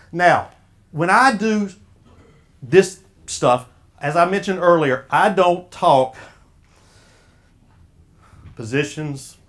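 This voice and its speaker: A high-pitched, slightly bright male voice with a Southern US accent speaks at an officials' association. He offers sports officials a folksy motivational talk in a preacher's style, quizzing listeners throughout.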